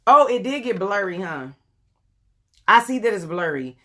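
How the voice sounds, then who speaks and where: A woman's voice: medium pitch, very animated, normal speed, long pauses, sharp tone. A woman in her forties chatting casually on a live makeup stream, rambling with lots of ums as she answers viewers. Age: 40s. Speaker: beauty vlogger doing a live makeup tutorial. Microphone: phone camera.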